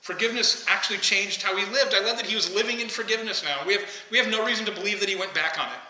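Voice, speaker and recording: A man's voice: high-pitched, racing, sharp tone, a little hiss or hum. A man preaching a conversational sermon, often asking the congregation questions. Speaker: pastor. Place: church sanctuary. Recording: echoey church hall, faint ambience.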